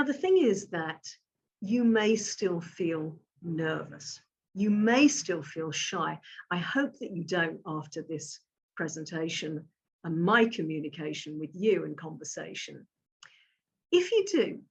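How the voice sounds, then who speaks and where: A middle-aged woman giving a communication coaching talk to camera, with an emphatic, measured delivery. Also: on the low side.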